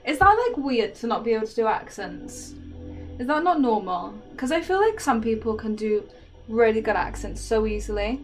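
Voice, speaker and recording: A woman's voice: on the high side, very animated, normal speed, faint music behind. A woman chatting casually with viewers while she paints, self-deprecating and trailing off into ums. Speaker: streamer painting live.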